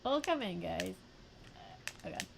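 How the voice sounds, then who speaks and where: Young woman streamer, lively pitch, gravelly fry, unhurried between yelps, faint hiss behind. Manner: excitable, yelps and laughs at the game. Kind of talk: live gameplay commentary.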